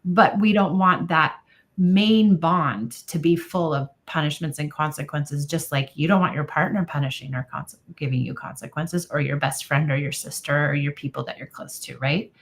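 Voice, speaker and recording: A woman's voice: low-pitched, fairly even intonation, normal speed. A woman parenting coach explaining her approach in an emphatic, firm advice conversation.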